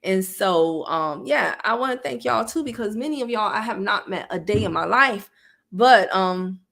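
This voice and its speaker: A woman's voice: mid-range voice, animated, normal speed, creaky, fairly bright tone. A woman in her thirties hosting a casual livestream, talking candidly with viewers, reading their comments aloud and laughing often. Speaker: online business coach and livestream host.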